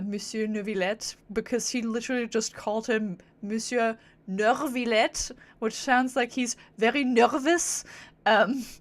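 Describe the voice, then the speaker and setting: A woman streamer giving casual, playful commentary on a game, teasing and swearing. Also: medium pitch.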